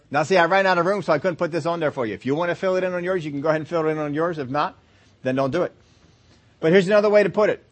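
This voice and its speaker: A man preaching a sermon, emphatic, slowing down to stress key phrases and acting out quoted complaints. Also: on the high side. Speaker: pastor.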